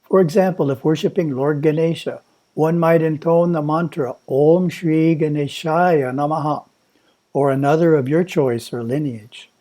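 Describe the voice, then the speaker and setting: A man at a monastery reading a prepared spiritual talk in a measured, instructive way. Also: fairly high pitch, mellow. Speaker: monastery teacher.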